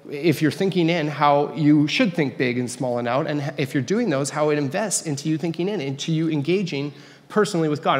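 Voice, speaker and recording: A man's voice: a little high, darkish tone. A man preaching a casual, conversational sermon as a pastor, with joking asides. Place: church sanctuary. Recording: reverberant church hall.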